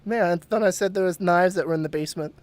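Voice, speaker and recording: A podcast host with a high, fast voice tells a story casually, laughing a lot and swearing throughout his animated retelling.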